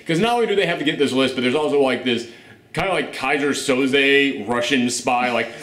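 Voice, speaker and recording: A man's voice: medium pitch, fairly quick, a bit bright. A man hosting a casual film review chat, blunt and sarcastic, swearing freely as he picks the movie apart. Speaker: film review show host. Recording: roomy echo.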